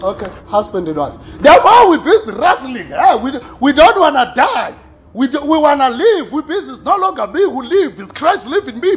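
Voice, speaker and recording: A man preaching a sermon, animated, swinging between loud exclamations and quiet asides with frequent laughs. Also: very high-pitched. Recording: slightly dull recording with faint room ambience.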